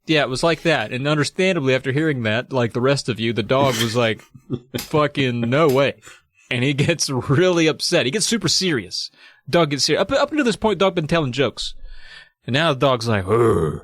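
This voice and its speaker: A mid-pitched man recaps a story for a comedy podcast, irreverent and profane. The sound is close and dry, with no room echo. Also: lively intonation, brisk, a bit bright. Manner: irreverent, profane, laughing retelling. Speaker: podcast co-host. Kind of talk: casual comedic book recap.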